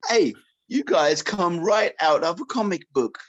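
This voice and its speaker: Quick bit: man doing a film character, mock North Korean accent, theatrical. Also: high voice, expressive. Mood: mimicking.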